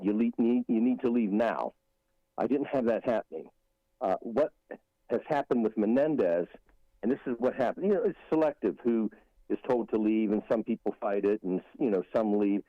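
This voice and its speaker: A man's voice: fairly low pitch, dark tone, no echo, lo-fi sound. A man guest on a talk radio show giving rambling political commentary with frequent restarts and emphatic asides.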